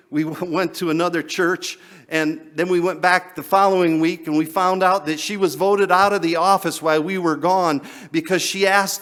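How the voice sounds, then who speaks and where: A man's voice: a little high, a bit bright. A male pastor preaching a sermon in a conversational way, chuckling often and repeating words as he goes.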